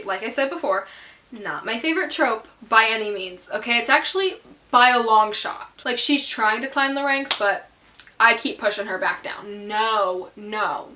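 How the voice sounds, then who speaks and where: A woman's voice: fairly high pitch, bright, forceful tone, a little hiss or hum. A young woman chatting casually to camera about books, bubbly and full of fillers, with a country twang that slips in. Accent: rural American country twang slips in. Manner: bubbly, filler-heavy, says "okay?" a lot. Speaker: book vlogger.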